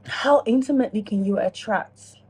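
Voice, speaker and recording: Woman vlogging, high husky voice, animated, swears a lot and acts out her inner voice. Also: moderate pace. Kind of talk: casual self-reflection monologue.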